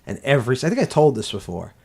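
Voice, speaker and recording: A man's voice: medium pitch, very animated, fast talker, vocal fry, a little mellow, slightly rough. A man co-hosting a casual podcast, rambling through stories with many fillers. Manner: rambling, filler-heavy, laughs easily. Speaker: podcast co-host. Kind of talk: casual chat.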